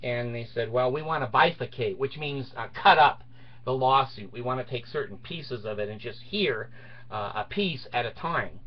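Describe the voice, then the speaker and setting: A man's voice: medium pitch, normal speed, muffled recording. A middle-aged man casually telling a personal story, boastful and crude, often laughing as he talks.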